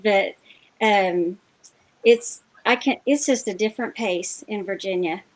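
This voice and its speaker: A woman in a casual group chat, speaking in an unhurried, thoughtful way with many pauses and fillers. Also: mid-range voice.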